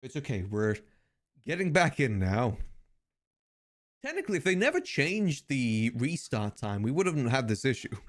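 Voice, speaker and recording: A man chatting casually on a live stream, tossing joking asides to his viewers. His pitch moves in a lively, animated way. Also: normal speed.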